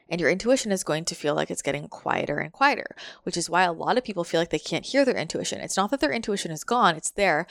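A woman with a slightly low voice talks through a motivational monologue in a loose, reflective way. She leans on casual fillers and repeats her phrases for emphasis. The sound is close and dry, with no room around it. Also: fairly bright tone, no room sound.

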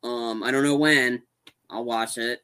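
Casual podcast co-host, male, bright tone, rambling and animated, stumbles and restarts often. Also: medium pitch, unhurried, clean tone. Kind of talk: casual movie recap chat.

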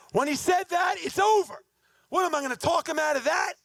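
A middle-aged man giving a motivational talk, telling a story in an animated, emphatic way and acting out the dialogue. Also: very high-pitched, a little fast, no echo. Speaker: motivational speaker.

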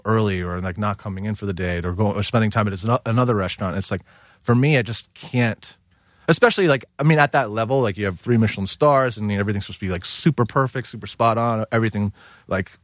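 A man's voice: lowish voice, no room sound, studio quality. A man, a guest chef, talking in a casual podcast conversation, rambling with many fillers.

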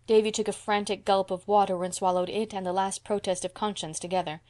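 A woman narrating a classic novel in a measured, expressive storybook reading. Her voice sits at an everyday middle pitch. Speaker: audiobook narrator.

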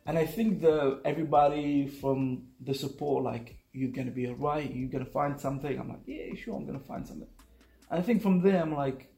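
A young man, a native Arabic speaker, telling his story in a relaxed, casual conversation and acting out the people he quotes. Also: mid-range voice, gravelly, reverberant. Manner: relaxed, uses "like" and "bro", acts out quotes. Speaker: guest.

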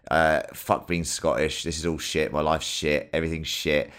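A man's voice: rumbling low, steady tone, normal speed, a bit bright. A British man casually discussing a film with friends, rambling and swearing freely. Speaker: podcast co-host.

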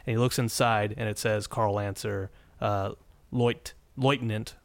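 A man's voice: fairly low pitch, flat delivery, normal speed, creaky, no room sound. A man hosting a podcast, casually recapping an old TV episode with many restarts and fillers. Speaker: podcast host.

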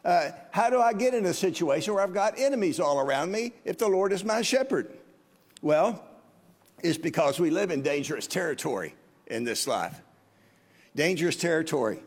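Man in his 50s preaching, high voice, long church echo, earnest and chatty. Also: lively intonation, moderate pace. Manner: earnest, conversational, asks the congregation questions. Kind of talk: sermon. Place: church sanctuary.

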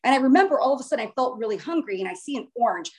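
A woman casually telling a long personal story in a chatty, animated way, with the odd swear word. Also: high voice, racing.

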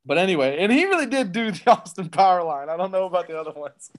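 Young man, higher voice, sarcastic, animated casual chat. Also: quick pace. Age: young adult. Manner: animated, sarcastic, restarts often. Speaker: podcast co-host.

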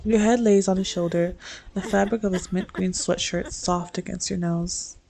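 A woman reading her own second-person fanfic aloud in a soft, unhurried storytelling manner. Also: lowish voice, steady tone, gravelly, a little hiss or hum, low-quality recording. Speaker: fanfic reader.

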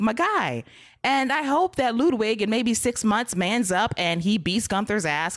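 A woman hosting a wrestling podcast, recapping casually in an expressive, laughing way and swearing freely. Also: a little high, normal speed, dry recording, studio quality. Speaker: podcast host.

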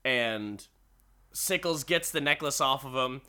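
A man's voice: medium pitch, animated, sharp tone, smooth. A man casually recapping a story, swearing freely and laughing at it. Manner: laughs often, swears, slow and wry.

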